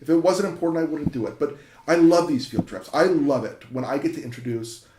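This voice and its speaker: A man's voice: on the high side, lively intonation, brisk, dark tone, a little hiss or hum. A man, a university professor, telling an interviewer a story with enthusiasm, full of fillers and restarts. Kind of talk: interview conversation. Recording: echoey room.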